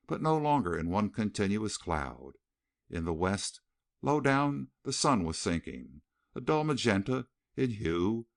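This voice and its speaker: A man narrating a western novel as an audiobook, reading in an expressive, dramatic way. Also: on the low side. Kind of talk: scripted narration.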